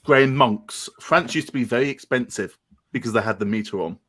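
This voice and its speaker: A man's voice: medium pitch, a little fast, a bit bright, husky. A man reading out listener jokes on a pun show, self-deprecating and stumbling over French words.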